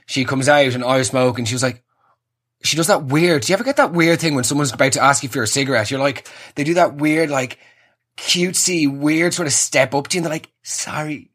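A young man with a husky voice, giving an exasperated, sarcastic comic rant that swings from high squeals to low mutters. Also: brisk, a bit bright. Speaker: comedian.

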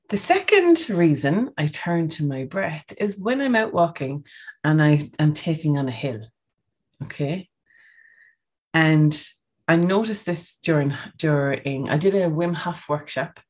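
A woman's voice: deep voice, husky. A woman giving a casual, coaching podcast talk on breathing, often checking in with "okay?".

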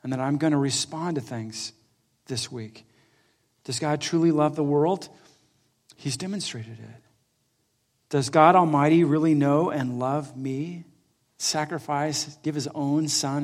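A middle-aged man preaching a sermon in a conversational way, swinging between loud emphatic lines and quiet soft ones. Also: mid-range voice. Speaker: pastor.

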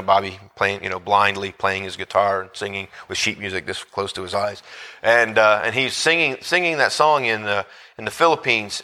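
Bright-voiced male preacher, conversational sermon. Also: medium pitch. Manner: conversational storytelling with frequent restarts.

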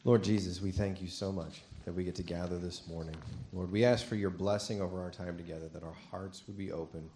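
Deep-voiced man praying in an echoey room. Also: fairly even intonation, brisk, hardly any pauses, warm tone, slight background noise. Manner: earnest, heartfelt. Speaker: church member leading prayer. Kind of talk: spoken prayer.

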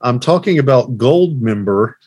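A man's voice: medium pitch, lively intonation, normal speed, a little mellow, slightly rough, dry recording. Podcast co-host, man, wry and opinionated, dry close recording. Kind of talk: casual chat.

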